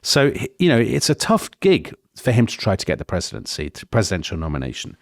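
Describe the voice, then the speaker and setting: A man co-hosting a history podcast, telling the story in a lively, digressive way with frequent self-corrections. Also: on the low side, fast talker, gravelly, no room sound, clean studio sound. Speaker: podcast co-host.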